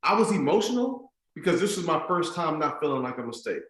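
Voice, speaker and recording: Male motivational speaker, lively talking storyteller, slightly high voice, echoey stadium sound. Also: brisk. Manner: animated, conversational storytelling with lots of "like" and "you know what I'm saying". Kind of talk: storytelling keynote speech. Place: stadium event for school staff.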